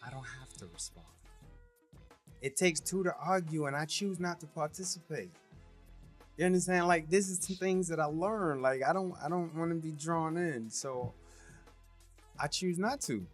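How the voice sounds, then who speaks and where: A man's voice: fairly high pitch, normal speed, pauses often, faint music behind. A man co-hosting a casual podcast chat, talking reflectively and often checking in with "right?". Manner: reflective, asks "right?" and "you know what I mean?". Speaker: podcast co-host.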